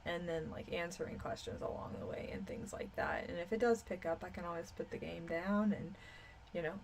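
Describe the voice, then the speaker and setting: Tired woman streamer chatting at home, creaky voice, meandering and full of ums. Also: lowish voice, slight background noise. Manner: rambling, with frequent fillers. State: tired, yawning. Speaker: live streamer. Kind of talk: casual live stream chat.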